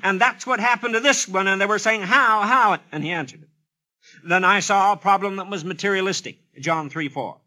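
Radio preacher, male, high and bright, dramatic and emphatic delivery. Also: brisk. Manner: dramatic, acts out biblical dialogue; emphatic, repetitive questioning. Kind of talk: radio sermon.

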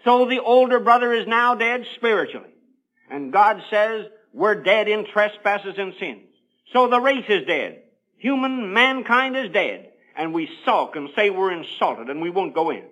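A man's voice: high-pitched, sing-song, a little slow, a bit bright, poor audio. A man preaching a sermon on the radio, telling a Bible story with earnest, rising emphasis.

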